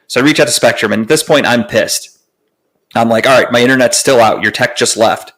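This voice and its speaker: A man's voice: mid-range voice, a little fast. Young man ranting on a podcast. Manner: animated, profane ranting with lots of fillers. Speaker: podcast co-host. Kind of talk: casual storytelling chat.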